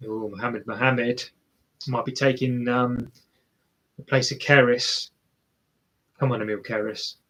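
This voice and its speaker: A man's voice: mid-range voice, steady tone, slow pace, long pauses, a bit bright. A man commentating casually on a marathon live for viewers, chatty and self-mocking as he cheers the runners on. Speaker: live race watch-along streamer.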